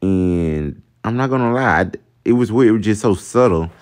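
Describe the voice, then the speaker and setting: Young male vlogger, low voice, chatty storytime delivery that keeps calling out to viewers. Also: lively intonation, moderate pace, a little mellow. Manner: chatty, addresses viewers as y'all, laughs at himself. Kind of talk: casual storytime vlog.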